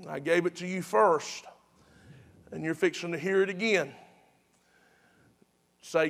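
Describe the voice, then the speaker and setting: A man's voice: high-pitched, moderate pace, long pauses, fairly bright tone. A pastor preaching to his congregation in a chatty, repetitive way, with emphatic restarts. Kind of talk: sermon.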